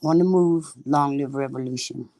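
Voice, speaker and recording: A woman's voice: very deep voice, normal speed, dark tone, no echo. An older woman, speaking plainly and earthily as a guest on a video call, laughing easily. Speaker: activist guest. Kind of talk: casual call remarks.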